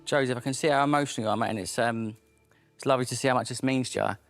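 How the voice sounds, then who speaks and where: A man talks quickly and eagerly. He is encouraging and openly emotional. Faint music runs beneath him. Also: medium pitch. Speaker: investor on a panel. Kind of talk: business show conversation. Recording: light music underneath.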